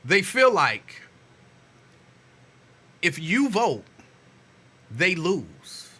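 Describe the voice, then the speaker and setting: A man's voice: high-pitched, sing-song, drawn-out words, pushed and bright, husky. A man hosting a talk show, speaking conversationally and with emphasis. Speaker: radio show host. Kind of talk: casual talk radio.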